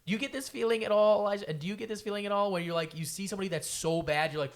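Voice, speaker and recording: A man hosting a casual podcast, talking in a loose, profane, animated way. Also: sits high, very fast, hardly any pauses. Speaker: podcast host.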